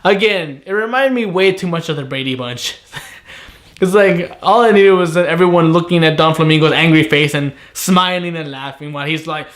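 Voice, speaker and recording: High-voiced man rambling an anime review. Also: moderate pace. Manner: rambling, profane, animated. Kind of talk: casual episode review.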